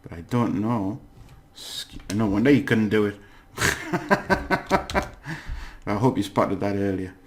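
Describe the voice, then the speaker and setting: A man's voice: fairly low pitch, fairly even intonation, normal speed, hardly any pauses, darkish tone. A man teaching a casual language lesson, chatty and self-correcting, laughing at his own slips.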